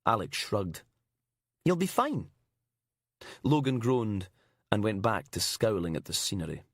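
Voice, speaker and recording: Man, audiobook narrator, low voice, measured, grim, dry close recording. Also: lively intonation, no room sound. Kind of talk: scripted narration.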